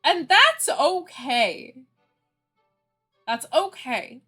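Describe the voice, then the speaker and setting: A woman's voice: sits high, very animated, drawn-out words, sharp tone. A woman hosting a livestream, chatting casually with her viewers and laughing often between lines. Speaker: livestream host. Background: faint background music.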